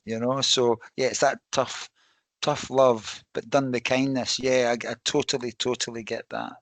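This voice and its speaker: A man's voice: mid-range voice, little pitch movement, moderate pace, fairly bright tone, dry recording. A middle-aged man hosting a podcast, encouraging his guest and thinking aloud as he asks questions. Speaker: podcast host. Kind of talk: casual interview chat.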